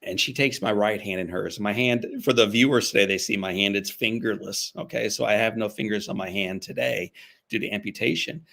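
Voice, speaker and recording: A man's voice: on the low side, brisk, gravelly, fairly bright tone. A man who is a guest motivational speaker, telling a personal story in an interview in an earnest way, repeating phrases for emphasis.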